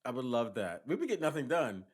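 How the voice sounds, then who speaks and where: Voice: mid-range voice, sing-song, fairly quick, slight background noise. A young adult co-hosting a podcast in casual chat, giggly and teasing. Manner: giggly, teasing, sing-song. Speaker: podcast co-host.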